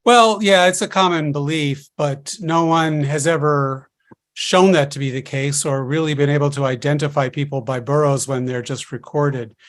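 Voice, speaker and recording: A man speaking as a linguist guest on a webinar panel, explaining in a hesitant, halting way over a video call. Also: a little high, fairly even intonation.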